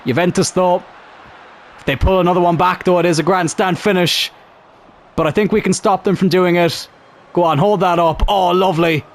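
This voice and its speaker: Excitable young man commentating a game. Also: high voice, moderate pace. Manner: excitable, shouts at big moments. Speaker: gaming YouTuber.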